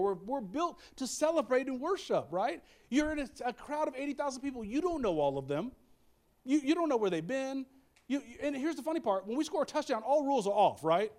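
Man, pastor, sermon, high-pitched voice, animated, joking, conversational. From American Midwest. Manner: animated, humorous, conversational with many restarts.

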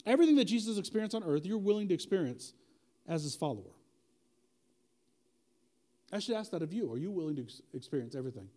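Casting: male pastor, high and expressive, mellow tone, chatty sermon full of slang and direct questions. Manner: animated and conversational, with slang and direct questions to the congregation.

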